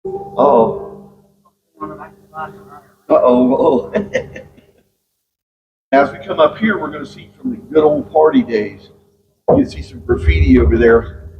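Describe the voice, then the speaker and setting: A middle-aged man leads a boat tour through a flooded underground mine, talking to his group in a joking storyteller's way. His voice has a gravelly edge and rings with cave echo. He is caught from some distance on a dull, noisy recording. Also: fairly high pitch, big pitch swings, unhurried, pauses often. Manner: joking storyteller, keeps addressing the group as "guys". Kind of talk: guided tour talk. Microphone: camera of a visitor on the boat, some distance off.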